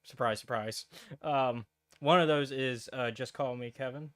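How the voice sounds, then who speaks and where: A man's voice: medium pitch, measured pace. A man co-hosting a podcast, chatting casually and rambling, with many fillers and restarts. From United States. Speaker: podcast co-host. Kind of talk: casual chat.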